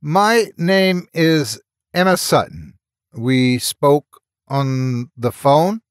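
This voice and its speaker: Male narrator lightly doing a courteous young woman, loud and precise, dry close sound. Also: medium pitch, big pitch swings, a little slow, no echo. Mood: polite loud. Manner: polite, raising her voice to be heard. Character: polite young woman investigator. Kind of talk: storytelling narration.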